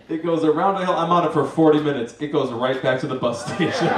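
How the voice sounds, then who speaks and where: A man spins a live stage story, stumbling through restarts and poking fun at himself. His voice sits at an ordinary pitch and comes from across a reverberant room. Faint ambient noise sits under him. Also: steady tone, brisk, hardly any pauses. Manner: rambling and self-mocking, with many restarts. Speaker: master of ceremonies telling a story. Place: live event venue with an audience. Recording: roomy, distant mic, faint ambience.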